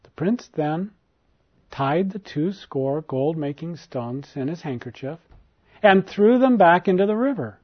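A man narrates a formal storybook tale in a measured, deliberate way. His voice sits a little high. The recording is dull and lo-fi. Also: animated.

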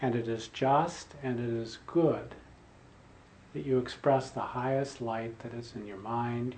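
A man's voice: medium pitch, fairly even intonation, unhurried, a little mellow, a little hiss or hum. An older man, a spiritual teacher, giving an earnest sermon and repeating key phrases for emphasis.

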